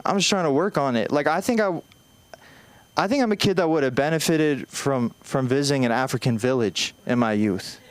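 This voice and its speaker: Smooth-voiced young man doing stand-up. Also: mid-range voice, fairly quick, no echo. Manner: anxious, self-deprecating, rambling with restarts. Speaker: stand-up comedian. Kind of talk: open-mic stand-up set. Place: small comedy club stage.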